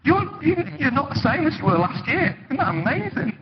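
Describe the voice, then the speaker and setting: A man preaching a sermon in a church, conversational and animated, telling stories with sudden dramatic emphasis. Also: very high-pitched, a little fast. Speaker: pastor. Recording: dull, lo-fi with loud background noise.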